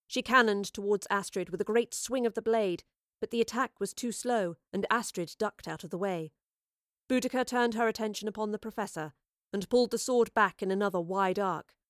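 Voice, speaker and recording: Woman reading an audiobook, measured and expressive, dry close sound. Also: mid-range voice, no room sound. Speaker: narrator. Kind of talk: audiobook narration.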